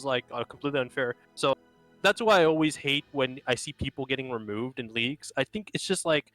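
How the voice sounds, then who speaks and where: A man's voice: medium pitch, bright, forceful tone, no echo. A young man rambling through casual post-game talk as a co-caster, filling his sentences with "like". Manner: rambling, heavy use of "like".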